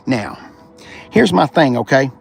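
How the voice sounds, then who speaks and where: Rowdy, gravelly man. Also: mid-range voice, very animated, a little slow, faint music behind. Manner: rowdy, joking, swears freely. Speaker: car reviewer hosting a live stream. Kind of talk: casual live car walkaround. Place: outdoor car dealership lot in bright sun.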